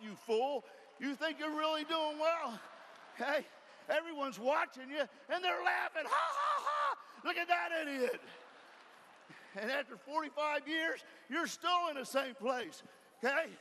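A man giving a folksy, emphatic motivational speech from a stage, firing off rhetorical questions and sometimes shouting. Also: very high-pitched. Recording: reverberant hall, faint background noise.

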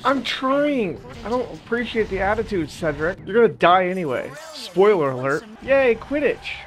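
A man's voice: high-pitched, big pitch swings, moderate pace, fairly bright tone. A young man giving casual, joking commentary as he plays a video game, chatty and self-mocking. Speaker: gaming channel host. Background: game music.

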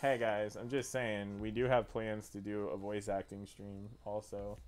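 A man's voice: lowish voice, flat delivery, measured pace. A man hosting a live drawing stream, chatting casually and laughing often. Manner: jokey, laughs often, puts on silly voices. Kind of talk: casual chat while drawing.

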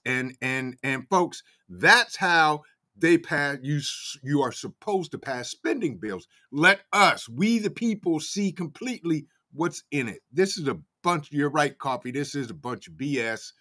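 Male livestream host, brassy slightly high voice, heated and chatty. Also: animated, a little slow, sharp tone. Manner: fired-up, greets chat viewers by name. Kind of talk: casual live-chat commentary.

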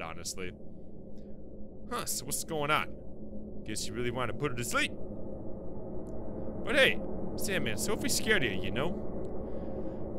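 A man doing a gruff, blunt little dwarf. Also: medium pitch, background noise, natural voice. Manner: blunt, scolding, folksy.

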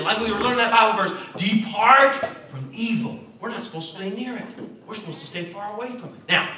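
A man tells a Bible story to a room of children, animated and folksy, with a high, bright, sharp voice that rises and falls. He sounds distant, his voice bouncing around an echoey church hall. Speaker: children's Bible school preacher.

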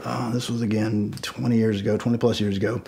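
A man's voice: fairly low pitch, flat delivery, fast, vocal fry. A middle-aged man telling a personal story in a casual, rambling way, full of fillers and restarts. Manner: rambling, many fillers and restarts, shouts quoted lines loudly. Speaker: storyteller guest.

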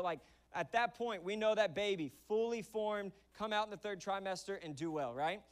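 A man preaching a sermon as pastor, telling stories in casual, folksy words with bursts of shouting. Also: sits high. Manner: energetic storytelling preaching, sometimes shouting.

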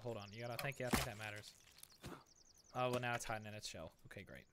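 A man's voice: mid-range voice, quick pace, noisy background. A man hosting a let's play in casual gaming chat, bossing his teammates around. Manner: bossy, directing teammates.

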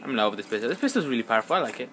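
A man's voice: medium pitch, sing-song, racing, fairly bright tone, slight background noise. A man giving casual let's play commentary while he plays, rambling and mocking himself, sometimes mumbling words over and over under his breath. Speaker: gamer.

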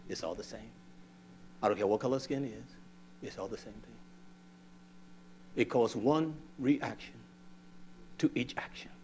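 An older man preaching a sermon, scolding and fiery, swinging from low mutters to loud outbursts. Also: slight background noise.

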